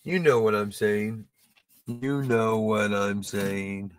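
A man's voice: fairly low pitch, slow, no room sound. A man in his sixties hosting a comedy show, doing a loose, rambling, profane stand-up monologue. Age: 60s.

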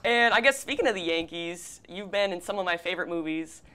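A woman's voice: lowish voice, a little fast, bright, forceful tone, clean tone. A woman in her twenties, a student interviewer asking friendly, easy questions in a casual chat with light laughter. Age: 20s.

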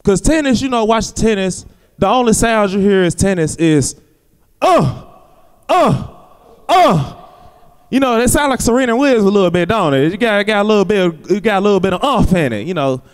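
A man's voice: high-pitched, expressive, quick pace, clear, resonant tone, in a large hall. A man performing a rambling stand-up comedy set on a theater stage, with a loose, filler-heavy delivery. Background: audience laughter.

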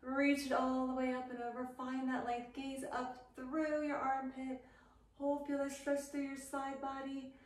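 A woman's voice: high-pitched, a little slow. Echoey woman yoga teacher cueing poses. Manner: calm, encouraging cueing with counted holds. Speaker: yoga instructor. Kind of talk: guided yoga class instruction. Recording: very echoey room, voice from a distance with faint noise.

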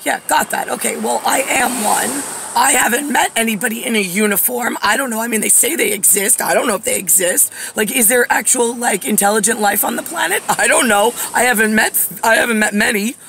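A woman's voice: on the high side, fairly quick, creaky, few pauses, a bit bright, slight background noise. A woman in her forties talking straight to camera in a rambling personal monologue, wandering off topic with lots of fillers and getting heated enough to swear. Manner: digressive, many fillers, grows heated and swears. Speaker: vlogger.

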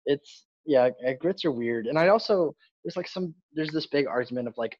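A man's voice: a little high, animated, fast, hardly any pauses, darkish tone, breathy edge, no echo, highs cut off. A young man from the American South co-hosting a podcast in casual chat, joking and irreverent, swearing freely. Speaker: podcast co-host.

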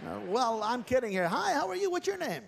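High, lively-voiced male ventriloquist. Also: fairly quick, vocal fry, big-room sound, slight background noise. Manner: genial, teasing audience volunteers. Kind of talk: live stage comedy patter. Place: large theatre stage.

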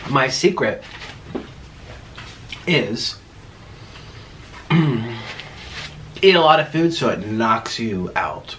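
A young man chats loosely while eating on camera, talking with his mouth full and wandering from thought to thought. His pitch jumps up and down in a lively way. A faint hiss of noise sits under the voice. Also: extremely slow, pauses often. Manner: chatty, rambling, talks with mouth full. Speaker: mukbang host. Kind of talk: casual chat while eating.

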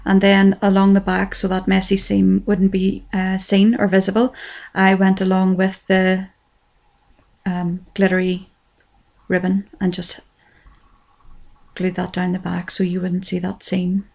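An Irish woman talks through a craft project in a relaxed, chatty voice-over. Her tone stays level, with little rise and fall. There is a gravelly fry in her voice, and she pokes fun at herself as she goes. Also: mid-range voice, unhurried. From Ireland. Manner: chatty and self-deprecating, says "wee" often. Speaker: craft tutorial creator. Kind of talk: casual tutorial voice-over.

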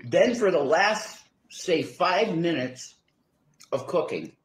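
A man's voice: fairly high pitch, expressive, slow pace. A man talking through a home recipe as he cooks, rambling with fillers and restarts. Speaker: home cook in a cooking video. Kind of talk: casual cooking demonstration. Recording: echoey room.

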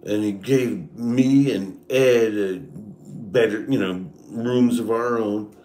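A man's voice: lowish voice, slow, darkish tone. A man in a bitter, profane rant, talking straight at someone who is not there. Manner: profane, bitter, speaks straight at an absent person. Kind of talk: angry personal rant. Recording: echoey room.

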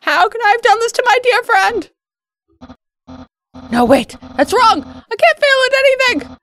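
A woman's voice: very high-pitched, big pitch swings, measured pace, pitched above the performer's own voice, exaggerated voice. Woman putting on Papyrus, a brash boastful skeleton. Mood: dramatic. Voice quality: brash, shouty, theatrical. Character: loud boastful vain skeleton man. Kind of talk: game dialogue read aloud in character.

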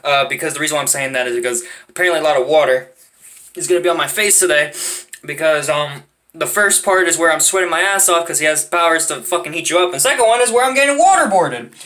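A man's voice: on the high side, quick pace, pushed and bright. A young man talking casually while filming bloopers, swearing a lot and laughing at his own mistakes. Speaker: video creator.

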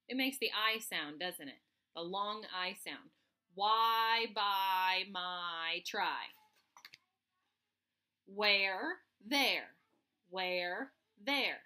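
Slow, bright-voiced woman teacher spelling words. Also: mid-range voice, animated. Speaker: first grade teacher. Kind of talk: remote phonics lesson for children.

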